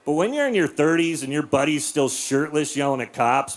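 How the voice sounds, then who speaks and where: A man in his forties doing a crude, deadpan stand-up set in a comedy club, acting out quotes in silly voices. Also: a little high, fairly quick, few pauses. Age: 40s. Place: comedy club with a live audience.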